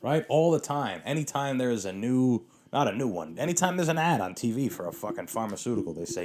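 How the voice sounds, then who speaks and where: A man's voice: medium pitch, big pitch swings, fairly quick, few pauses, a little mellow. A man hosting a solo podcast, ranting sarcastically with frequent swearing, restarts and fillers, hiccuping now and then. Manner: rambling, sarcastic, profane, with many restarts and fillers. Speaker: podcast host.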